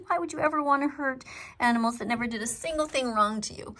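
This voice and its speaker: Bright, earnest woman pleading with viewers. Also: high-pitched, quick pace. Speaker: vegan activist reading live-stream comments. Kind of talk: casual live-stream chat.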